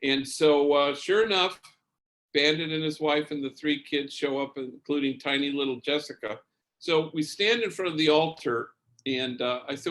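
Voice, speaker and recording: A man, a priest, giving spoken testimony as an unhurried storyteller who often restarts his sentences. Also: fairly high pitch, a bit bright.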